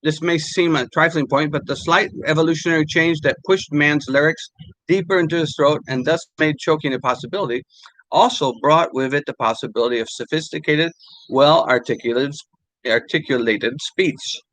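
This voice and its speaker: An older man, a language teacher, talking casually and haltingly with many fillers while reading quotes aloud. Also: a little high, fairly bright tone, no room sound, poor audio.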